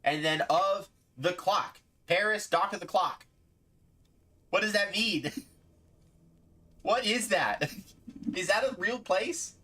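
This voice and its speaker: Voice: medium pitch, slow pace, long pauses, sharp tone. A game streamer giving casual live commentary, playfully exasperated and laughing often.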